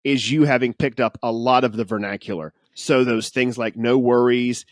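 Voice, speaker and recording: Guy cohost on a podcast, wry and opinionated, middle pitch, dead dry room. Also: normal speed, dry recording. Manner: wry, opinionated, mock-exasperated. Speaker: podcast co-host. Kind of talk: casual chat. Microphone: studio headphones.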